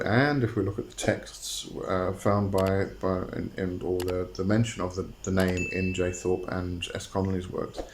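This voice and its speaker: A man's voice: low-pitched, a little mellow. A man hosting his own channel, explaining a topic in a casual, hesitant way with many fillers and restarts. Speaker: host.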